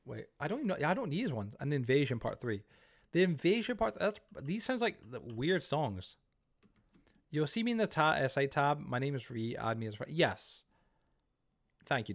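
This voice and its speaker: A man streaming live, chatting casually and rambling to his viewers while he plays, easily startled. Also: medium pitch. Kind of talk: casual livestream chat while gaming.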